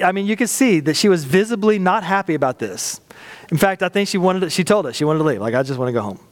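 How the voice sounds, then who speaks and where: A middle-aged man preaching a sermon as pastor, conversational and humorous, acting out little quoted exchanges. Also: on the high side. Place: church sanctuary. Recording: reverberant hall sound.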